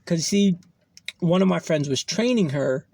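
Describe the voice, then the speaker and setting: A young man with a gravelly, slightly high voice rambles through a story on his podcast. He swears often and keeps trailing off into fillers. The sound is close and dry. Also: lively intonation, a little slow, a little mellow, dry recording. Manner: rambling, profane, lots of fillers and "blah, blah". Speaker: podcast host. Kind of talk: casual storytelling monologue.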